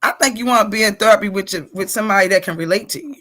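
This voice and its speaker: A woman in her forties hosting a casual live-streamed chat, telling stories in an animated, chatty way. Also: mid-range voice, very fast. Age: 40s.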